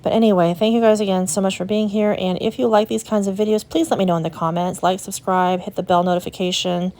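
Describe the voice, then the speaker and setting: A woman's voice: mid-range voice, steady tone, quick pace, darkish tone. A young adult woman from the United States chatting and gushing to her viewers as she walks through an antique shop in a casual vlog. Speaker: vlogger and resale booth owner. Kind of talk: casual vlog chat while walking a shop.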